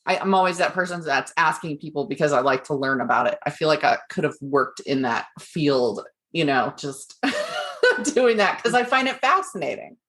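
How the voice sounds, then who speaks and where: A woman's voice: sits low, lively intonation, normal speed, fairly bright tone. A woman hosting a podcast, chatting casually and laughing often. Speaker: podcast host. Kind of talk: casual chat.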